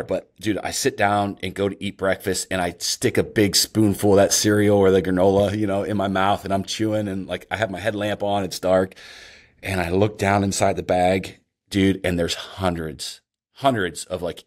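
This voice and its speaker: A middle-aged man hosting a casual podcast, telling an animated hunting story and acting out his own reactions with a bit of swearing. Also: low-pitched. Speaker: podcast host.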